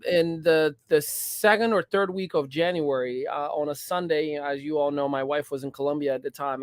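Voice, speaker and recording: Candid higher-voiced male show host. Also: fairly even intonation, normal speed, few pauses, smooth, no echo. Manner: candid, storytelling, emphatic. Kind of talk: casual panel talk.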